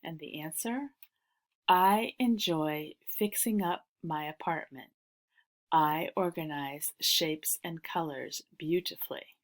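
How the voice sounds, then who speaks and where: A woman reads dictation sentences aloud slowly and carefully. Her voice sits slightly low, and she repeats each sentence for the listener. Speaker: dictation reader.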